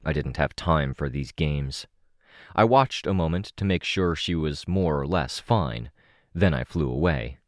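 A man narrating an audiobook in the first person, in a steady, measured reading. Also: extremely low pitch, dry recording, clean studio sound.

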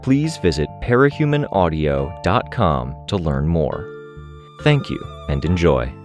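A man narrating a fan audiobook in the first person, steady and descriptive. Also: low voice, unhurried, music in the background.

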